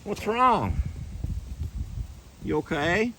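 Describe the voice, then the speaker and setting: A man's voice: sits high, sing-song, very slow. Give me a chatty middle-aged man filming a farm vlog outdoors, faint noise behind him. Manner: chatty, cooing at animals. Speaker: farm vlogger. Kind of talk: casual chat to camera and animals.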